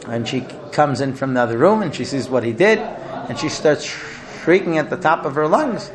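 A man giving a lecture on marriage advice, telling stories in an animated way with many fillers and restarts. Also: a little high, moderate pace, crowd noise. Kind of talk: lecture with anecdotes.

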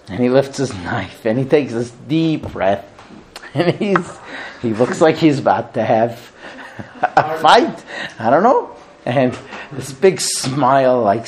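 A man teaching a religious class, telling stories in an animated way and often laughing. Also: medium pitch. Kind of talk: storytelling religious lesson.

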